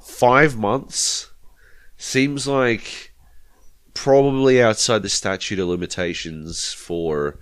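A man's voice: fairly low pitch, takes it slowly, a bit bright, clean tone. An Australian man telling a rambling, profanity-laced story on a casual gaming podcast. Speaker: podcast co-host. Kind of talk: casual chat.

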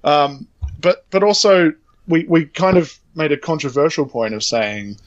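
A man hosting a gaming podcast, casually telling an animated story, acting out the quotes and swearing freely. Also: on the high side, measured pace, dull audio. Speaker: podcast host. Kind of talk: casual chat.

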